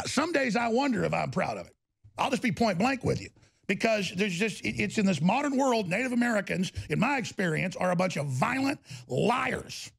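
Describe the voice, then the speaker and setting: A male host delivering an angry political commentary, ranting with heavy sarcasm. His voice sits high and has a gravelly, fried edge. He talks in heated bursts. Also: a bit bright. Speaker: show host.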